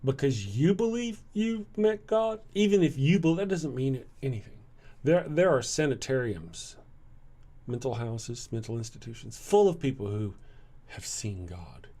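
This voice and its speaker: A man with a Southern US accent, hosting a casual livestream and answering chat. He sounds tired, talks bluntly and sarcastically, and clears his throat often. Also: medium pitch, big pitch swings, moderate pace, dark tone. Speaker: livestream host reading chat.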